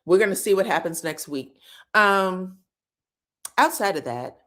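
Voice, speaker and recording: A woman recaps a reality show as casual gossip. She is animated, acts out the cast's lines as she retells them, and swears freely. Her pitch swings widely as she speaks. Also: measured pace. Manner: animated, quotes cast members in retellings, profane.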